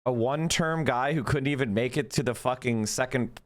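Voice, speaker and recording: A man's voice: mid-range voice, a little fast. A man streaming live and ranting at his chat in a heated, profane way. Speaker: livestreamer. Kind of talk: casual chat to stream viewers.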